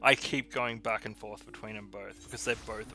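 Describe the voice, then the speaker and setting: A man's voice: fairly low pitch, fairly even intonation, normal speed. A man co-hosting a gaming channel, rambling and giggling, full of likes and ums. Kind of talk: casual gaming chat.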